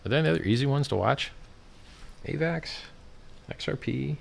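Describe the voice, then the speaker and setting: A man's voice: mid-range voice, animated, normal speed, vocal fry. A man hosting a casual livestream, talking in a brash, mocking, ranting way as he scrolls and comments. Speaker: livestream host.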